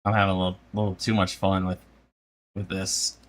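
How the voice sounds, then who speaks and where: A man's voice: sits low, flat delivery, brisk. A man chatting casually on a live stream while he draws, rambling with lots of filler and laughter.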